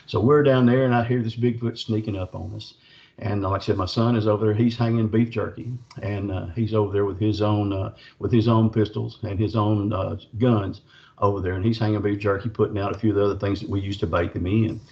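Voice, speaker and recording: A man's voice: on the low side, fairly even intonation, fairly quick, vocal fry, lo-fi sound. A middle-aged man, telling a podcast host about a Bigfoot encounter in a folksy, rambling way with lots of fillers. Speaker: Bigfoot researcher, podcast guest. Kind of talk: storytelling an encounter.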